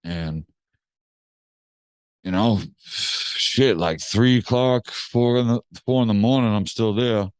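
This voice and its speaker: A man's voice: lowish voice, slow, long pauses, clean tone, no echo. A man from Massachusetts, a music producer, telling a story in a slangy, laid-back way on a podcast. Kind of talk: casual storytelling interview.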